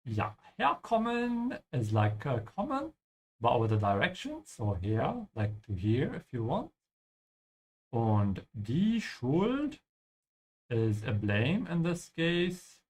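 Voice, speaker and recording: A man's voice: mid-range voice, wildly swooping pitch, slow. A man teaching German while playing a game, explaining patiently and ending his points with "yeah?". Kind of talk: language lesson over gameplay.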